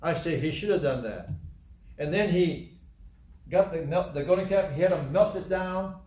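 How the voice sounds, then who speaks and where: A man preaching a sermon as a pastor, animated, acting out biblical scenes with sudden loud outbursts. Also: on the high side, normal speed. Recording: roomy sound from a distance with faint background noise.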